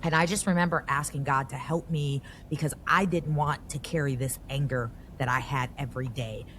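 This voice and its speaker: Low-voiced woman hosting a podcast. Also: moderate pace, slight background noise. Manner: animated, rising emotion as she tells the story. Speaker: podcast host. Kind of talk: candid conversational podcast talk.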